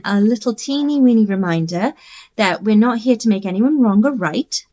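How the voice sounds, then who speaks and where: A woman hosting a podcast, reading a scripted introduction with lively rising emphasis. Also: mid-range voice. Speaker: podcast host.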